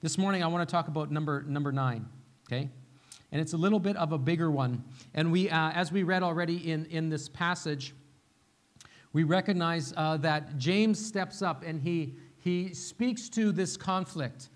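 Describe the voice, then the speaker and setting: A man's voice: fairly high pitch, normal speed. A man who is a pastor, preaching a sermon in a conversational way, repeating key phrases and often checking in with "right?". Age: young adult to middle-aged, father of a little one. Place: church sanctuary.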